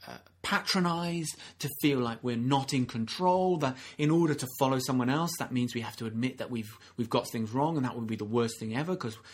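A man delivers a sermon with a husky, slightly breathy voice at a middling pitch. He speaks earnestly and conversationally, circling back over his phrases as he explains. He slips into the voices of the people he quotes to bring the story to life. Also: a little fast, hardly any pauses. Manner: earnest, acts out quoted speakers, frequent restarts. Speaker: preacher.

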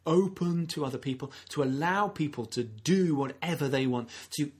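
With a fairly high, husky voice, a man delivers a sermon in an earnest, conversational style. He frequently restarts sentences and dramatizes the speakers he's quoting.

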